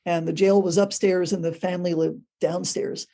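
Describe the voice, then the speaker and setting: A woman on a podcast recounts a ghost story in a relaxed, conversational way. Her tone is mellow and warm, and she brings the tale to life by acting out the people in it. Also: on the low side, moderate pace. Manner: animated, acts out quoted voices. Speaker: podcast guest, ghost tour guide. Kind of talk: casual storytelling.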